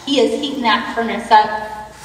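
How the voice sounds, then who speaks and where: An eager, wonder-struck young Meshach talking to God , played by a woman preacher. The voice sits high, and it rings through a big echoey hall from some distance. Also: moderate pace, a little hiss or hum, close to an everyday voice. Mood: worried. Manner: excited, wondering, talks to God aloud. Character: Meshach, young man in the furnace, eager and awed. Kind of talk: dramatic monologue in a sermon.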